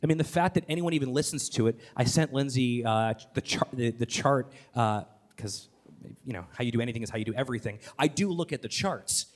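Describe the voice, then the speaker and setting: A man talking onstage as a podcast host, enthusiastic and rapid, with many fillers, restarts and the odd swear word. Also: medium pitch, lively intonation. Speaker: podcast host and guest speaker. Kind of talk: live onstage conversation.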